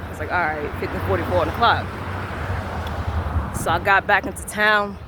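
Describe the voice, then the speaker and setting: A man telling a personal faith story with deep feeling. He acts out the quoted dialogue and moves between quiet, hushed moments and loud outbursts. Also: moderate pace, pauses often, noisy background. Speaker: vlogger sharing a personal faith testimony.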